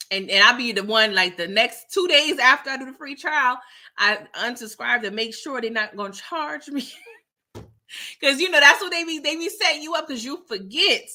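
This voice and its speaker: A middle-aged woman, hosting a casual livestream chat and reading out viewer comments, animated and laughing often. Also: medium pitch.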